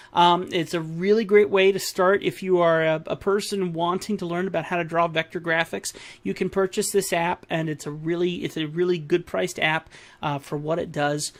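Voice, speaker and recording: Male art-channel host, high voice, casual rambling delivery full of fillers. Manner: friendly, rambling, many fillers and restarts. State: hiccups. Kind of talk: casual tutorial wrap-up.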